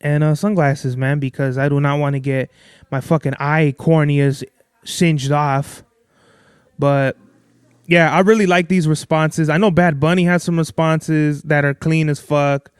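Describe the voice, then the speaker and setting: A man's voice: on the high side, fairly even intonation, a little slow, clean tone, dry recording, studio quality. A young man hosting a podcast on his own, talking casually in a rambling, profane way. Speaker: podcast host. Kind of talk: casual solo podcast talk.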